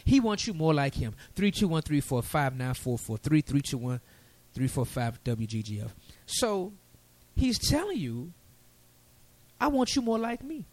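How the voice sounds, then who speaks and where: A man preaching a sermon, lively and folksy with casual asides. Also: on the high side, normal speed, dry recording.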